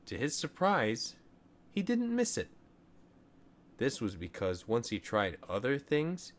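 A man reading a children's story aloud as the show's storyteller, in a gentle and expressive way. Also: lowish voice.

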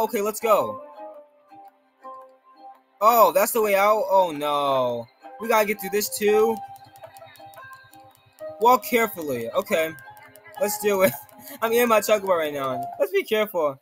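A man giving jittery, excitable live gameplay commentary, talking to himself and to viewers and exclaiming nervously throughout. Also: high-pitched, measured pace, pauses often, soft background music. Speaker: gaming video creator.

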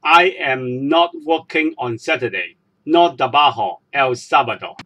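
Slow, careful man teaching a lesson. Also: medium pitch, animated, pushed and bright, low-quality recording. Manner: slow, careful, repeats words one by one. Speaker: language teacher. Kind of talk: slow step-by-step language lesson.

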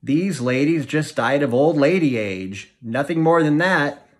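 A man voicing a curt, sharp-tongued elderly woman, the town nurse, in an audiobook reading. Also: a little high, lively intonation, measured pace. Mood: scornful. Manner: curt, scornful.

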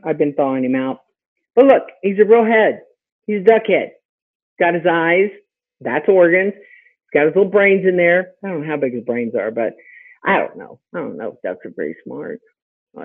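Husky-voiced woman teaching a chatty webinar. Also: lowish voice. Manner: lively, chatty, fires rhetorical questions. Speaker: host and pet health consultant. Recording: tinny phone-like audio.

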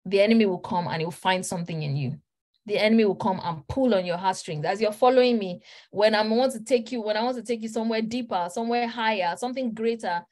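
A woman's voice: mid-range voice, darkish tone. A woman preacher delivering an earnest, emphatic sermon, stressing points through repetition. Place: church.

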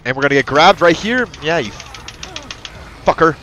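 Excitable, swearing man gaming. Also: a little high, normal speed, a little hiss or hum. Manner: excitable, profane, yells at the game; talks to in-game partner like a buddy. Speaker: gaming channel host. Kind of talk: let's-play commentary.

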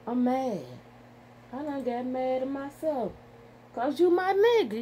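Swearing, animated grandmother vlogging. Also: sits high, measured pace, a little hiss or hum. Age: older. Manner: animated, swearing, scolding herself with laughs. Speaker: YouTuber. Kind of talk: casual vlog chat. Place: at home by her computer. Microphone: phone or computer mic.

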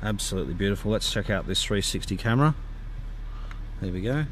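Enthusiastic car dealer, lowish voice. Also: male voice, animated, a little fast, a bit bright, a little hiss or hum. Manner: enthusiastic, gushing sales talk. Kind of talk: car sales walkaround.

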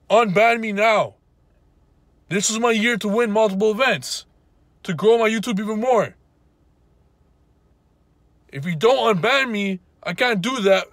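A man's voice: high voice, fairly bright tone, no echo. A young man hosting his gaming channel, ranting indignantly and repeating himself in a vlog to camera. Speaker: YouTube gaming channel host.

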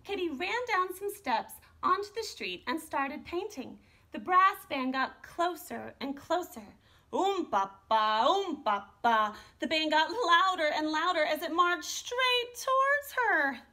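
Animated woman reading a children's story. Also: very high-pitched, unhurried. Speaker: art teacher. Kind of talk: storybook read-aloud.

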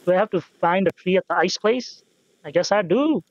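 A man's voice: high-pitched, animated, normal speed, dry recording, lo-fi sound. A young man giving rambling, self-deprecating commentary over a game, swearing casually and musing aloud. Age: young adult. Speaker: gameplay commentator. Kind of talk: rambling let's-play commentary.

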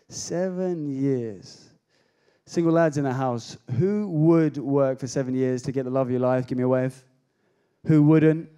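An energetic pastor jokes his way through a youth sermon, often calling out to the crowd. His voice sits fairly high, with a mellow, warm tone. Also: moderate pace, smooth. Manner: energetic, jokey, calls out to the crowd.

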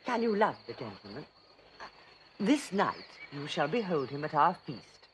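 A commanding noble mother in classical verse. Her voice is low-set but swings widely in pitch as she declaims each line with formal, measured weight. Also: sing-song, slight background noise. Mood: stately.

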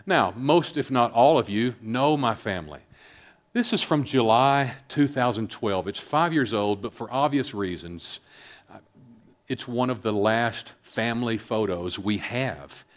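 A middle-aged man giving a filmed public talk, speaking earnestly and haltingly with many fillers, calm and reflective. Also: medium pitch. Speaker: speaker on suicide prevention.

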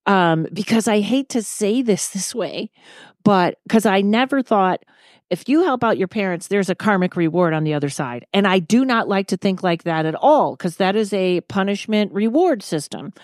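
A woman's voice: medium pitch, lively intonation, moderate pace, dry recording. A woman hosting a podcast talks in a casual, reflective way, thinking aloud with many fillers. Her voice sits in a middle range and is recorded dry and close. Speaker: podcast host. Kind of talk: casual interview chat.

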